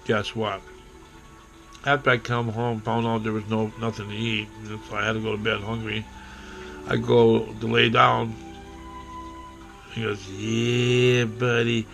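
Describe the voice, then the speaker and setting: A man telling a rambling, profane personal story, acting out quotes and breaking into shouting. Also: lowish voice, level tone, a little slow, vocal fry, long pauses, soft background music.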